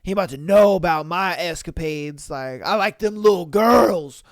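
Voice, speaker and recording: A man's voice: high-pitched, normal speed, no echo, clean studio sound. A man voicing a sleazy, scheming older man who boasts and sneers. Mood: sneering.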